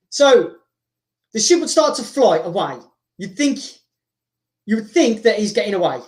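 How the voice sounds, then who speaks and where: A man hosting, rambling excitedly through a story told casually, with frequent repeats and restarts. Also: high-pitched, normal speed. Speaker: host. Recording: roomy echo.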